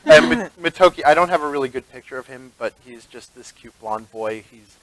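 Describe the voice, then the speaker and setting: A man's voice: mid-range voice, expressive, brisk, heavy background noise. A man serving as game master, narrating a tabletop game in a rambling, chatty way and laughing often.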